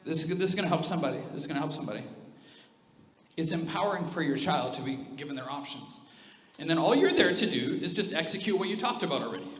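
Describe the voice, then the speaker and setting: High-voiced man preaching in an echoey hall. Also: animated, fast, fairly bright tone. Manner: humorous, direct and emphatic. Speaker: pastor. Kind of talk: sermon. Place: church auditorium.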